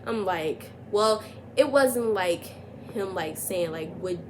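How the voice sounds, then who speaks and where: A woman's voice: mid-range voice, lively intonation, slow pace, slight background noise. A young woman telling a personal story in a casual vlog, rambling with constant fillers and getting emphatic as she retells arguments. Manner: rambling, heavy use of "like", restarts. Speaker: vlogger.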